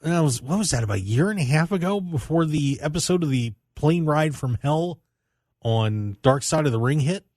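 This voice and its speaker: Lively male wrestling radio host. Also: moderate pace, no room sound, clean studio sound. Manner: animated, teasing, jumps high in pitch when reacting. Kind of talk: casual wrestling radio chat.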